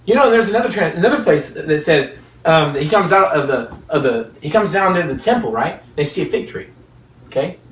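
Recorded from afar in a reverberant room, this preacher has a slightly high voice, lively intonation and a somewhat quick pace. He tells stories through his sermon, posing rhetorical questions and laughing softly between points.

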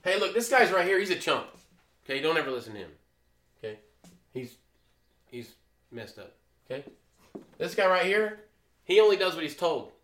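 Bright-voiced preacher in an echoey room. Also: male voice, a little high, sing-song, moderate pace, pauses often. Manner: emphatic, swings between loud and quiet. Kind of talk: sermon.

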